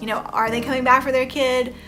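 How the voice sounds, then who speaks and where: A woman's voice: sits high, flat delivery, fairly quick. A woman in her thirties giving a chatty, rambling reaction commentary as a vlogger, full of "you know" fillers. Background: background music.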